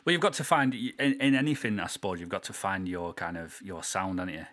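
A man's voice: low-pitched, fast, fairly bright tone. A man hosting a podcast, laid-back, swearing casually and saying "yeah" and "you know" a lot. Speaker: podcast host.

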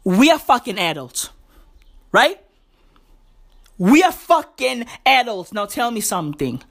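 A woman's voice: on the high side, big pitch swings, unhurried, a bit bright. A woman delivering a profane, slangy comic rant to the camera, full of emphatic catchphrases. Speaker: comedian vlogger.

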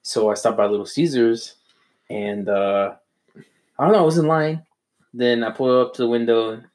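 A man's voice: medium pitch, moderate pace, darkish tone. A man telling a long, rambling story among friends, swearing a lot and mocking himself. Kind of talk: casual chat.

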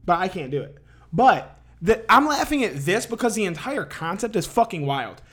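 A man's voice: high voice, sing-song, normal speed, fairly bright tone. A man co-hosting a casual chat, blunt and argumentative, who swears freely.

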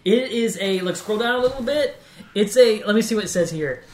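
A woman co-hosts a casual livestream chat with a lively, swinging pitch. She sounds opinionated and animated. Her voice carries a roomy echo. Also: fairly quick. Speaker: co-host.

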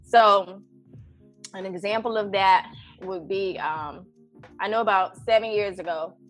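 A woman in her thirties telling a personal story in casual conversation, animated and acting out her own prayers with lots of "you know". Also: mid-range voice, unhurried, faint music behind. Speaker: event organizer and guest.

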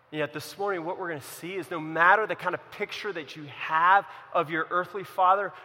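A young man preaching a sermon, telling a personal story and swinging from loud emphasis to hushed, quiet lines. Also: on the high side. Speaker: pastor. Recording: hall reverb.

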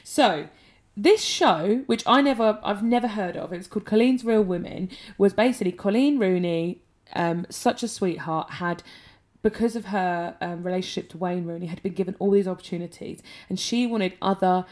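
Woman, podcast co-host, casual chat, lively storyteller, mid-pitched voice. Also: normal speed. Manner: lively, chatty, laughs through her stories.

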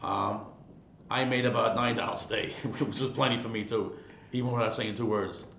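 A retired ironworker from Queens, New York, around sixty, guests on an interview, casually telling stories while rambling and repeating words. His gravelly voice is steady, fairly bright, and moderately paced. The room is echoey, with a faint rumble.

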